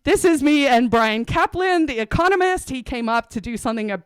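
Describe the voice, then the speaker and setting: A woman's voice: high voice, lively intonation, fairly quick, clear, resonant tone, no echo. A middle-aged woman with a South African accent giving a chatty, self-mocking conference talk, telling stories about her slides. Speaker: conference speaker. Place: conference hall stage.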